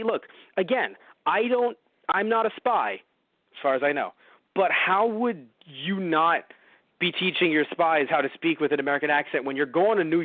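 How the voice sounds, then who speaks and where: A man's voice: fairly high pitch, dry recording, phone-quality sound. A man co-hosting a podcast, reviewing a movie in casual, rambling chat, sarcastic and swearing freely. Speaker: podcast co-host.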